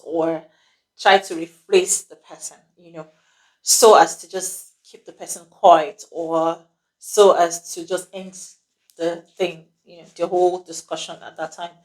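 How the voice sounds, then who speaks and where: A woman hosting a casual advice talk on relationships, halting with many "um"s and checking in with "okay?". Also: fairly low pitch.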